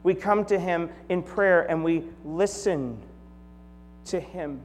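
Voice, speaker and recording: A male pastor in his forties gives a conversational sermon in a slightly high voice. His delivery moves between upbeat storytelling and quiet, hushed reflection. The church hall adds a long reverb tail over a faint electrical hum. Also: takes it slowly. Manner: conversational, moves from lively storytelling to soft, hushed prayerful tones. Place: church sanctuary.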